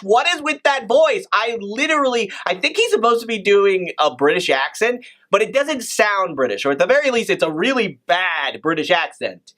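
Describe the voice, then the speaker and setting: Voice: mid-range voice, a bit bright. A video host commentating casually on a film, chatty and rambling, with many restarts and asides.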